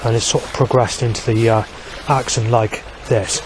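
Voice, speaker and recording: A man's voice: mid-range voice, fairly even intonation, moderate pace, hardly any pauses, background noise. A man talking in a long, rambling vlog monologue, swearing heavily and restarting sentences, with many fillers.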